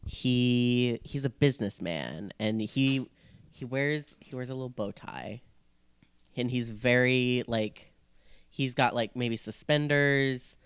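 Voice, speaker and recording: A man's voice: mid-range voice, slow pace, clear, resonant tone. A man co-hosting a casual podcast, chatting and poking fun at himself. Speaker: podcast co-host. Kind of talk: casual chat.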